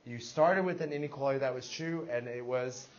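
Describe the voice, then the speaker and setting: A man's voice: mid-range voice, brisk, muffled recording. A man teaching a math class, leading with questions and checking in with his students. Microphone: classroom recording device.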